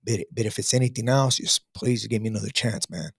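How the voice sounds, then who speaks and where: A man's voice: on the low side, a little fast, husky, no room sound, studio quality. A man in his thirties telling his faith testimony in casual storytelling, emphatic, with slang and many restarts. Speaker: guest sharing testimony.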